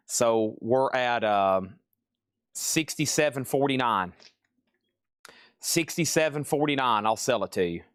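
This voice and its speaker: A man runs a live record sale, chatting casually and rambling between items. His voice sits at a middling pitch, and the sound is dry and close with no room echo. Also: fairly bright tone. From Tennessee. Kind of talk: live sales stream.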